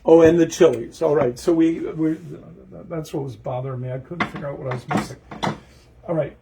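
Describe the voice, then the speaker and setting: A man's voice: fairly high pitch, fairly even intonation, brisk, background noise. Rambling man cooking in a kitchen. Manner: rambling, talks to himself while cooking, forgets steps. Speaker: home cook hosting a cooking show. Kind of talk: casual cooking demonstration. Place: home kitchen.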